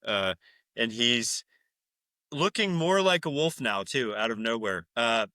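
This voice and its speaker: Male podcast co-host, casual and crude, bright tone, dry close sound. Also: medium pitch, expressive, unhurried, no room sound. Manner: rambling, profane, laughing loudly, mimicking characters. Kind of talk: casual chat recapping a film.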